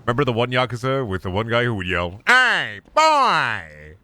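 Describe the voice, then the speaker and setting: A male game streamer chats casually over his gameplay, animated and joking, with plenty of profanity. His voice is bright and forceful. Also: medium pitch, fast, dry recording. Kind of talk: casual live-stream commentary.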